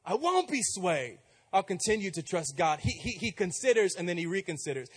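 A man's voice: high voice, sing-song, a little fast, breathy edge. A man preaching a sermon as pastor, emphatic and repetitive with many restarts.

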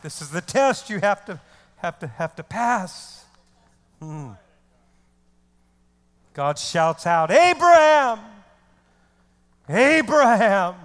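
A man's voice: on the high side, lively intonation, slow, pauses often. Guy preaching hard in a church, repeats himself, big echoey hall. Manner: impassioned preacher who shouts and repeats words for emphasis. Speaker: pastor. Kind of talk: fiery sermon.

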